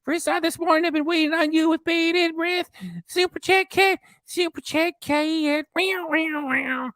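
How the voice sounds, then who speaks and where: Squeaky sing-song lucky cat, as a man puts it on, meowing thanks, high and bright, close and dry sound. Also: steady tone, unhurried, no echo. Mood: chirpy. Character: chirpy beckoning lucky cat thanking donors.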